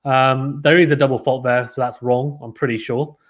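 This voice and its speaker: A man's voice: mid-range voice, fairly even intonation, moderate pace. A man commentating a live tennis watchalong stream, chatting casually and reading out viewer comments between points.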